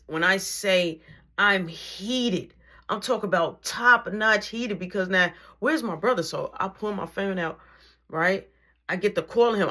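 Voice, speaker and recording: A young woman telling a story in a casual, animated way, acting out each exchange of dialogue. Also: mid-range voice.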